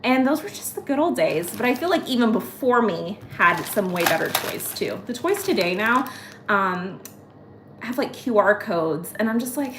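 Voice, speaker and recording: A woman in her thirties hosting a casual live-stream haul, chatty and excitable as she talks to viewers by name. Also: mid-range voice, normal speed, noisy background. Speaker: host. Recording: echoey room.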